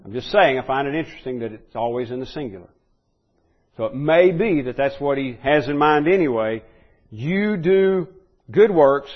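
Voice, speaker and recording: A man delivers a conversational sermon in a lo-fi recording that sounds muffled. He repeats words as he gathers his thoughts and drops into quiet asides. On the key points his voice climbs and swells into loud emphasis. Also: mid-range voice. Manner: rambling, repeats words, swings from soft asides to emphatic peaks. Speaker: preacher teaching a Bible study.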